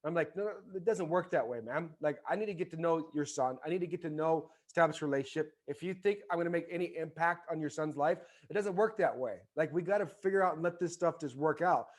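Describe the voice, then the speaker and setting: A man's voice: a little high, fast, hardly any pauses. A man in his forties telling a story in casual conversation as a podcast guest, animatedly acting out the voices of people in it. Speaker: podcast guest, former baseball player.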